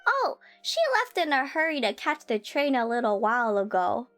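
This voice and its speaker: Woman doing a gentle doting bear cook. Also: a little high, very animated, normal speed, soft background music.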